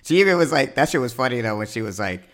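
A man's voice: medium pitch, expressive, racing. A man co-hosting a casual TV recap chat, laid-back and laughing often as he reacts. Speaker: podcast co-host.

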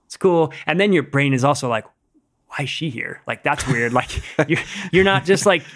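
Gravelly middle-aged man telling a story. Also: on the high side, lively intonation, moderate pace, a bit bright. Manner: rambling retelling, acting out quotes, many "like"s. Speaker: podcast guest. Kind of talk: casual storytelling interview.

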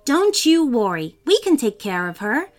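Woman voicing an earnest young farm boy, reassuring, lively tone. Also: high-pitched, moderate pace, soft background music, voice pushed up. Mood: eager.

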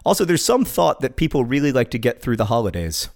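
A man co-hosting a podcast in relaxed, casual chat. He delivers his lines with a dry, wry wit and laughs easily. His voice has an ordinary middle pitch for a man. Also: fast. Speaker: podcast co-host.

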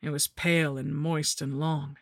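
A woman narrating a horror story in the first person, with a measured, grim delivery. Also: sits low, flat delivery, gravelly, no room sound, studio quality. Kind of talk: scripted narration.

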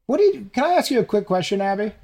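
A man's voice: high-pitched, very animated, quick pace, darkish tone. A man co-hosting a comedy podcast, interviewing a caller in a playful, mock-serious way. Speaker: podcast co-host.

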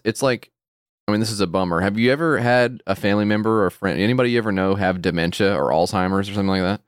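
A man co-hosting a podcast, chatting casually and profanely and jumping into high mock voices. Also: fast talker, smooth, no echo, clean studio sound. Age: adult with a wife and kid. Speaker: podcast co-host. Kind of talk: casual comedic chat.

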